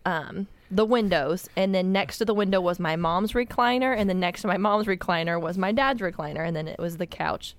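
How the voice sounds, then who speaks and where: A woman's voice: lowish voice, fairly quick, hardly any pauses, no room sound. Laughing woman telling stories. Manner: animated, laughing through her stories. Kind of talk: casual storytelling chat.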